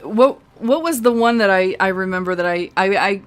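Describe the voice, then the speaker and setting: A woman's voice: medium pitch, moderate pace. A woman streaming a game live, chatting casually and rambling, laughing often. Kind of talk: casual chat over gameplay.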